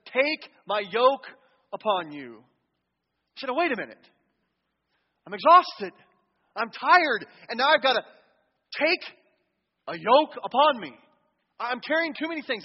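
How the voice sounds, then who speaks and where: A man preaching a sermon as pastor, emphatic and swinging between quiet passages and loud cries. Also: high voice. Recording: dull sound with long hall reverb.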